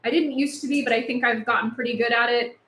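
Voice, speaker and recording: A woman's voice: a little high, steady tone, quick pace, fairly bright tone, echoey room. A woman hosting a livestream, chatting casually and speaking out with passion, overheated in a house with no air conditioning. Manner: impassioned, chatty, laughs between points. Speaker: livestream host.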